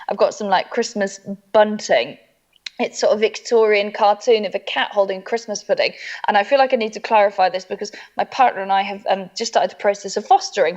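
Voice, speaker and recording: A woman's voice: mid-range voice, dull audio. A woman telling self-deprecating stories in casual chat over a video call, with lots of fillers. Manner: self-deprecating storytelling, chatty, many fillers. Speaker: comedian guest.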